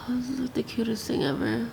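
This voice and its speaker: A woman vlogger telling a personal story to the camera in a chatty, animated way, full of fillers and quoted asides. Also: on the high side, moderate pace, gravelly, a little hiss or hum.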